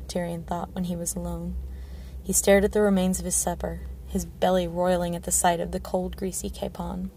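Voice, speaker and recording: A woman reading a fantasy novel aloud in a measured, low-key way. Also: flat delivery, warm tone, slight background noise. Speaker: audiobook reader.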